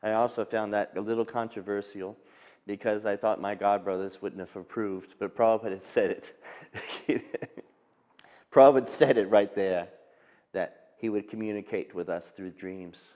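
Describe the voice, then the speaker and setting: An older man telling memories of his teacher in a halting, reminiscing way, with soft fillers and restarts. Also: fairly low pitch, steady tone, in a large hall. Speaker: devotee recalling his teacher. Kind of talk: reminiscing storytelling.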